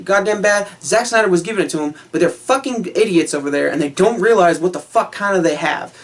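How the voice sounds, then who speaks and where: A man's voice: high voice, a bit bright. Profane ranting man. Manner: heated, profane, swearing constantly; laughs between points. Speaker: vlogger. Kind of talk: casual rant to camera.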